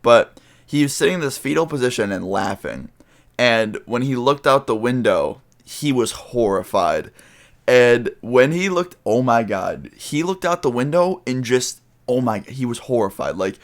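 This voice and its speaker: A man's voice: mid-range voice, expressive, normal speed. A young man vlogging, telling a story in a rambling, casual way full of "you know" and "I mean".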